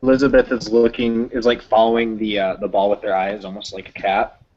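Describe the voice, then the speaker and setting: Low-voiced man playing a tabletop game. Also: little pitch movement, fairly quick. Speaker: player. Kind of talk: tabletop role-play narration. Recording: dull lo-fi recording.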